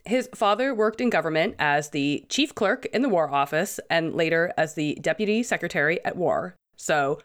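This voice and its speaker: A woman co-hosting a podcast in casual chat, her voice still a bit sick, laughing between points. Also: low voice. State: sick, hoarse-sounding voice. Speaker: podcast co-host.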